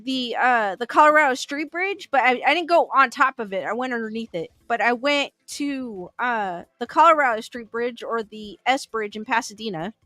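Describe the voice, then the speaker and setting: Chatty and laughing, a woman from Southern California answers viewer chat on her livestream, thinking out loud with fillers. She speaks at a moderate pace with hardly any pauses, her rather high voice lively, pushed and bright. There's no room sound.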